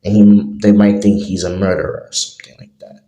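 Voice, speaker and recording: A man's voice: low-pitched, fairly even intonation, fairly quick, dark tone. A man improvising a fan story, rambling with many fillers. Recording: roomy echo.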